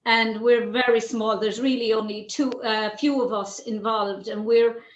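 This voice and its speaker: Irish woman host, rather high voice, rambling chat, roomy echo on the call. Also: fairly even intonation, moderate pace, muffled recording. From Ireland. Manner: chatty, many fillers and restarts. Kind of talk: casual interview over video call. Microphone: video call.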